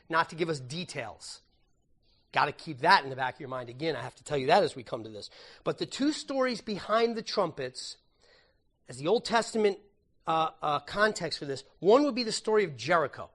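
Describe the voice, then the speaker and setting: A man with a notably high voice delivers a sermon in a church. He talks conversationally, acting out the story with playful asides and humor, like a pastor teaching his congregation. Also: fairly bright tone.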